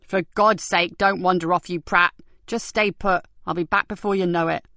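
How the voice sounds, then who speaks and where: A woman's voice: fairly low pitch, steady tone, normal speed, bright, forceful tone, dry recording. Woman reading as an exasperated bulky policeman. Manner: exasperated, complaining. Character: grumbling bulky male police officer, exasperated.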